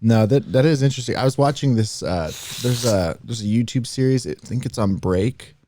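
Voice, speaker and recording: A man's voice: mid-range voice, moderate pace, warm tone, slight background noise. A man co-hosting a podcast in casual chat, rambling through explanations and breaking into accent demonstrations. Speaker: podcast co-host.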